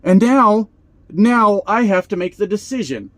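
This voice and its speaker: A man's voice: high-pitched, expressive, measured pace, a bit bright, no echo. A man who drives trucks over the road, venting in a heated, profane vlog rant from his truck cab.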